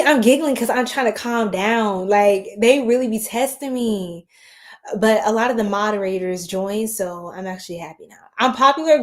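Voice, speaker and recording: Female tarot streamer, late at night; tired, scattered, giggly, chats with viewers nonstop. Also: medium pitch. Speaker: tarot reader livestreaming.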